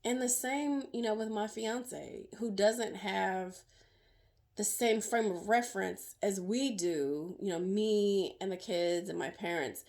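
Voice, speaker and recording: A middle-aged woman sharing her own story as a survivor, in emotional, halting personal testimony full of fillers and restarts. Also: mid-range voice, a little mellow.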